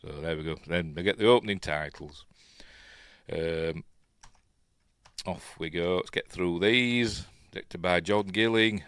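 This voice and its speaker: A man's voice: sits low, no echo, clean studio sound. A man with a Yorkshire accent casually commentating on an old film as he watches, rambling and chatty with lots of fillers. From Yorkshire, England. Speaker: film review host.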